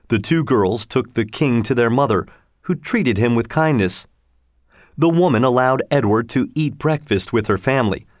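A man narrating a storybook aloud in a measured, expressive way. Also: medium pitch, no echo, clean studio sound.

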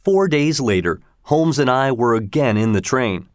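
A man narrating a storybook in a plain, steady reading voice. His voice sits at a middle pitch, and the recording is dry and close, with no room sound. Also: unhurried, dry recording. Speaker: audiobook narrator.

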